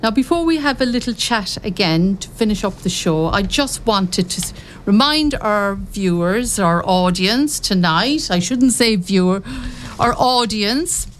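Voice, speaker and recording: A woman's voice: medium pitch, lively intonation, unhurried, slight background noise. A woman hosting a local radio show, chatty and correcting herself as she goes.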